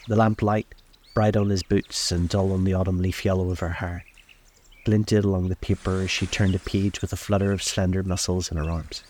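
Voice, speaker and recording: A man reading a novel aloud in a calm, measured way, recorded outdoors on a lakeside deck. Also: deep voice. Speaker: storyteller.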